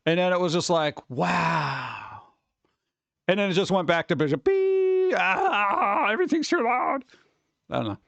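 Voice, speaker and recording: Excitable high-voiced man streaming. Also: normal speed, hardly any pauses, clear, resonant tone, dry recording, dull audio. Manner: excitable and rambling, laughs often. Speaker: livestream host. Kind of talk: casual chat with live viewers.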